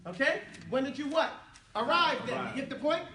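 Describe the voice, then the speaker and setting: A man's voice: very high-pitched, expressive, brisk, pushed and bright, a little hiss or hum. A man teaching an Arabic class, drilling students with call-and-response and laughing often. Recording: echoey classroom from far off, students chattering.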